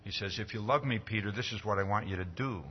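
A man preaching a conversational sermon, often pausing to ask "See?" and raising his voice as he acts out quoted dialogue. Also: on the low side, muffled recording, slight background noise. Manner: conversational, keeps asking "See?".

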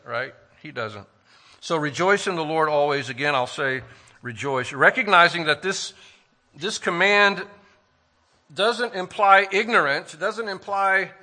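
Pastor, male, bright and slightly high, earnest emphatic sermon delivery. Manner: earnest, emphatic preaching with rhetorical questions; slows down to stress key phrases.

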